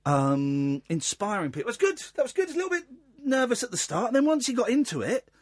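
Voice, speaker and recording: A man hosting a late-night phone-in radio show, excitable and playful, often stammering and repeating himself. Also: extremely high pitch, fast talker, no room sound. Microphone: studio microphone.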